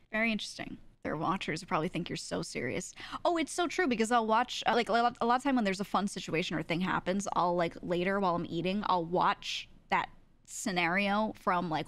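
A woman's voice: mid-range voice, fairly bright tone. A young woman streaming from home, chatting casually to her viewers and laughing often between sentences. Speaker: VTuber streamer. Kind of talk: casual stream chat, reacting to clips.

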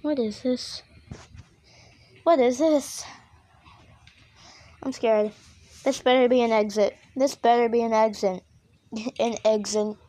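A woman's voice: fairly high pitch, fairly even intonation, slow, long pauses, warm tone. A woman doing casual reaction commentary, frightened, pleading with the screen and repeating herself. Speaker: reaction video host.

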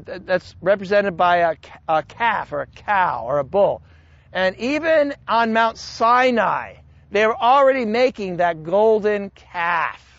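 Male Bible teacher, sermon delivery, high voice, unhurried, emphatic swings; dry close sound. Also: no echo, highs cut off. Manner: slow, emphatic, with big swings in pitch and loudness. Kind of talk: sermon-style Bible study.

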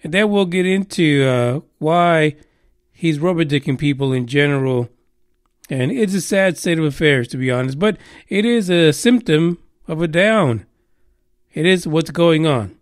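A man's voice: on the high side, expressive, measured pace, dry recording, clean studio sound. A man hosting a podcast in a casual monologue, profane and sarcastic, rambling with many fillers. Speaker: podcast host.

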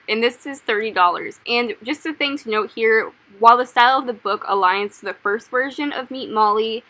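A woman's voice: fairly high pitch, bright, forceful tone, no room sound. A young woman hosting a casual review chat, rambling and chatty with lots of "like"s. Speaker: host.

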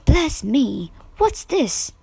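A woman's voice: fairly high pitch, animated, moderate pace, no room sound, natural voice, rough recording. A woman voicing a stern, disapproving wealthy old aunt in a storybook reading. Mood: indignant. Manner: sniffing, disapproving.

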